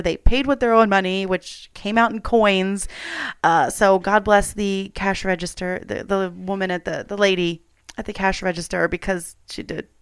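A woman's voice: mid-range voice, clean tone, no room sound. A woman in her thirties, a mother, telling a personal story at home in a candid, chatty way with plenty of fillers.

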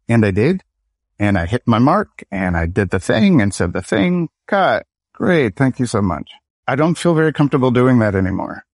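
A middle-aged American man speaks in a low, even register, recalling his acting career in a thoughtful interview. His delivery is reflective and sometimes acts out little quoted exchanges. The sound is close and dry, with no room around it. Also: no room sound. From Michigan, United States. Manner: reflective, storytelling with quoted dialogue. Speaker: guest, actor and educator. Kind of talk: conversational interview.

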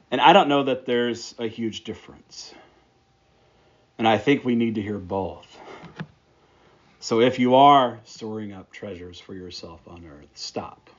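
A man's voice: medium pitch, lo-fi sound. A man preaching a sermon, praying and then teaching through a Bible passage with emphatic, repeated phrases. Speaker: pastor.

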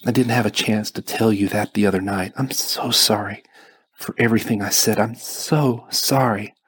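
A man voicing a gentle young woman who speaks softly and quietly in an audiobook reading. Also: lowish voice, steady tone, normal speed, breathy edge. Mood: tender. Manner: soft, hushed.

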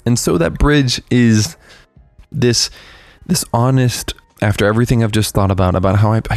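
A man giving an earnest, candid devotional talk as a preacher, halting and restarting as he reflects. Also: on the low side, darkish tone, dry recording, soft background music. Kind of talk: devotional talk on a worship song. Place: outside a church.

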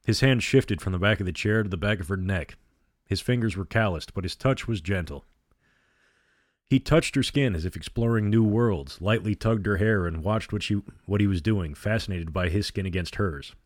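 Low-voiced man reading a story. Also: normal speed, no echo, clean studio sound. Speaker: narrator.

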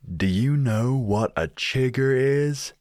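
A man putting on the voice of a cheerful, smiley American man in his seventies, with a Midwestern accent and a hearty, booming delivery. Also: slow, a little mellow, no room sound, studio quality, lightly acted. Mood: hearty warning. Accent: Midwestern American put-on. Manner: booming, hearty, said with full chest.

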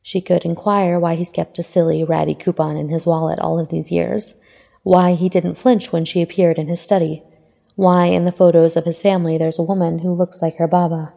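A woman narrating fan fiction aloud in a steady, even storytelling manner. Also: on the low side, moderate pace, vocal fry. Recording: long hall reverb.

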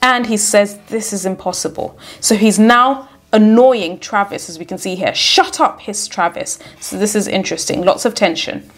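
A woman's voice: mid-range voice, fairly even intonation, normal speed, few pauses. A woman teaching an exam lesson and explaining a story extract, often checking in with "okay?" as she goes. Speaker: English teacher.

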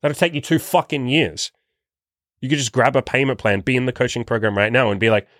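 A man's voice: medium pitch, fairly even intonation, fairly quick, a bit bright, no room sound, studio quality. A young adult man coaching self-improvement in a blunt, profane, pushy monologue. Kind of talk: motivational monologue.

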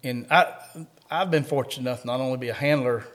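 A man's voice: medium pitch, quick pace, fairly bright tone. A middle-aged man from Kentucky with a Southern accent, a coon hunting dog handler telling a story in an interview in a folksy way. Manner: folksy storyteller, laughs through the funny parts.

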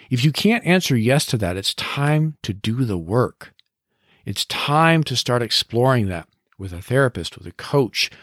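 A middle-aged podcast host and coach speaks in a mid-range voice, recorded in clean studio quality with no echo. On his motivational show he sounds earnest and encouraging, occasionally laughing at himself.

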